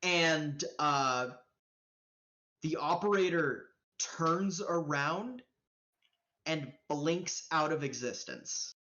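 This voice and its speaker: A woman's voice: low voice, extremely slow, a bit bright, lo-fi sound. A woman running a live-streamed tabletop game as game master, narrating casually with lots of swearing and fillers. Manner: casual, profane, rambling with fillers.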